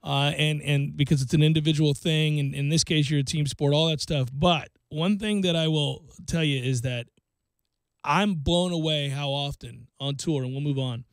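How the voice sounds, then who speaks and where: A man with a fairly high voice hosts a sports radio show, talking casually and getting animated as he tells stories. The studio sound is dry and close, with no room echo. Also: normal speed. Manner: animated storyteller, voice jumps up when excited. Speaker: radio sports talk host.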